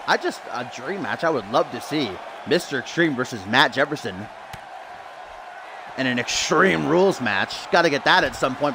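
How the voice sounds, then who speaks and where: Young guy hyping up a wrestling game like a ring announcer, high voice, bit of background hiss. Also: vocal fry. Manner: excitable announcer, builds up hype, casual asides to chat. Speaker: streamer doing play-by-play commentary. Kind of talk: wrestling play-by-play commentary.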